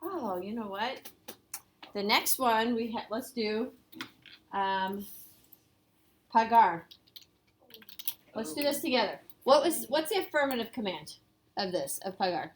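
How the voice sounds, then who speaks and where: A woman's voice: a little high, expressive, a little slow, pauses often, a little hiss or hum. A woman teaching a casual review lesson, explaining step by step and quizzing her students. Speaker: Spanish teacher.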